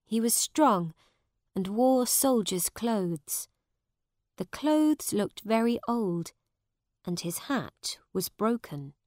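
A woman narrating a simple storybook in a clear, measured way. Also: on the high side, lively intonation, darkish tone, dry recording, clean studio sound. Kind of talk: slow storybook reading for learners.

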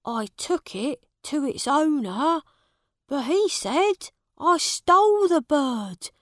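A woman's voice: high-pitched, animated, slow pace, no room sound, clean studio sound, voice pushed up. A woman voicing a wronged, bitter male prisoner in a storybook reading. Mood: aggrieved.

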